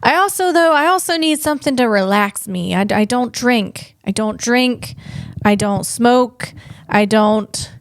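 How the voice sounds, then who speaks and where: A woman's voice: fairly high pitch, a little slow, dry recording, clean studio sound. A woman podcast host and comedian chatting casually on her own, rambling and poking fun at herself. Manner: rambling, self-deprecating, chuckles at own jokes. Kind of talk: casual solo chat.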